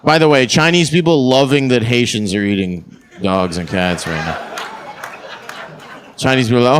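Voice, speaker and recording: A male stand-up comedian working a club stage. His delivery is brash and crude, in a middle-pitched voice. A faint hiss of noise sits under the recording. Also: moderate pace, long pauses. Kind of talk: stand-up set.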